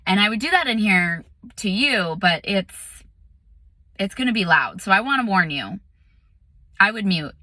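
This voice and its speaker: Chatty bright-voiced woman meditation teacher. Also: mid-range voice, unhurried, long pauses, no echo. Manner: chatty, lots of "like" and "um"; animated storytelling. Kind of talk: casual vlog talk.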